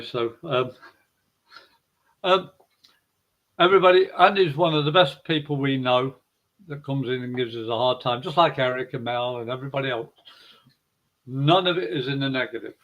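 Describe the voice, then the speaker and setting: A middle-aged man giving a gentle, rambling, affectionate spiritual reading on a live stream. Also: mid-range voice, highs cut off. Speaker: psychic reader and co-host.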